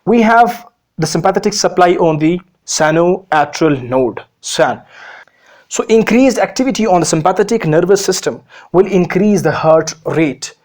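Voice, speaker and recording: A man giving a recorded medical physiology lecture, explaining step by step, asking himself questions and answering them, with frequent fillers. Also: high-pitched.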